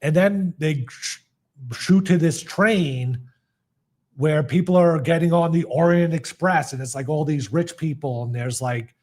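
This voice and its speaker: A man's voice: fairly high pitch, unhurried, darkish tone. Rambling man recapping a movie. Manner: rambling recap with many likes and fillers. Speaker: podcast co-host. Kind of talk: casual chat.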